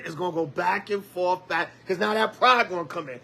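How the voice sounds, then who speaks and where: A man preaching a Bible lesson as an elder, lively, with call-and-response and acted-out quotes. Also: sits high, brisk, vocal fry.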